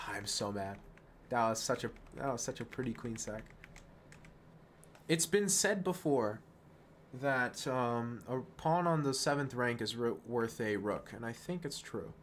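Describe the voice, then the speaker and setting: A man streaming chess, talking fast and self-mocking through move lines, dropping to quiet muttering when frustrated. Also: mid-range voice, a little hiss or hum. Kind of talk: casual live-stream game commentary.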